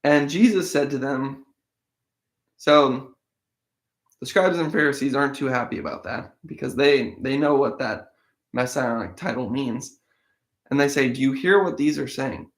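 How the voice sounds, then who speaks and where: In this clip a man with a mid-range voice speaks at an unhurried pace. He hosts a Bible-in-a-year podcast, reading scripture aloud and then talking it through casually, thinking out loud and restarting his sentences now and then.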